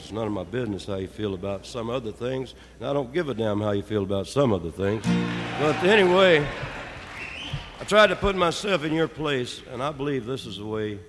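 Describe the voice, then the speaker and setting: Man rambling between songs at a live show. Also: on the low side. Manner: loose, rambling storyteller who swears casually. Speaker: singer performing a live show. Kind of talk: joking stage banter between songs. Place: live concert at a prison. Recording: live hall recording with guitar.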